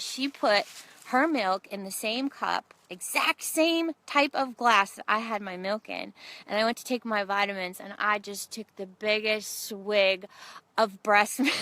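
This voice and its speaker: Bright, animated woman preaching. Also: mid-range voice, measured pace, no echo. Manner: animated storytelling, acts out quotes. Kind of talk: sermon.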